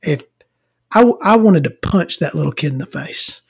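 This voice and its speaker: A woman's voice: lively intonation, moderate pace, husky. Crude, rambling woman ranting. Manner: crude, rambling and exasperated, heavy swearing; jumps between loud outbursts and low mutters. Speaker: vlogger telling a story. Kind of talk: profane storytelling rant.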